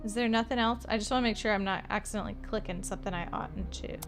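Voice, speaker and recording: This is let's play commentary from a woman in Florida, who plays a point-and-click detective game while playfully chatting with her viewers. She talks fast at a medium pitch with fairly even intonation, and faint music can be heard behind her.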